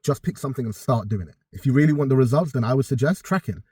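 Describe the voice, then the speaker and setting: A fast-talking young man, working as a personal trainer. He gives casual advice, blunt and full of swearing. His voice is slightly husky, and the recording is close and dry, with no room echo. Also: medium pitch, darkish tone. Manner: blunt and profane, talks straight to viewers. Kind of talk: casual direct-to-camera advice.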